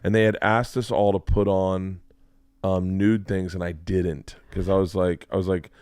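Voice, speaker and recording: A low-voiced podcast host tells a wild story in a casual chat, speaking at normal speed. He's an animated storyteller who acts out quotes, and his tone is clean, recorded in a clean studio with no room sound.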